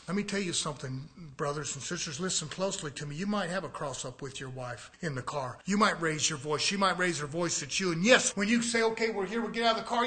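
A man preaching a sermon, swinging from quiet low passages to shouted exhortation and repeatedly addressing his brothers and sisters.

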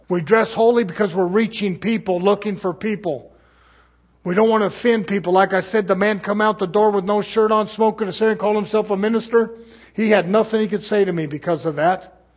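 A man with a high, husky voice preaches to his congregation. He delivers the sermon fervently, firing rhetorical questions at the pews. His voice has a breathy rasp to it. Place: church service.

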